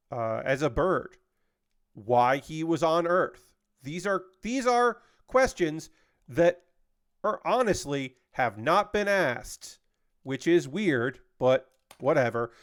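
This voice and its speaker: A man with a somewhat high voice chats loosely with viewers as he builds a kit. His talk rambles and wanders while his hands stay busy. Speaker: streamer building a model kit. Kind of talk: casual chat on a livestream.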